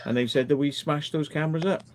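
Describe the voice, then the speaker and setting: A man's voice: a little high, fairly even intonation, fast talker, darkish tone. A man chatting on a live stream in a rambling, tired way, swearing freely. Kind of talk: casual chat on a live stream.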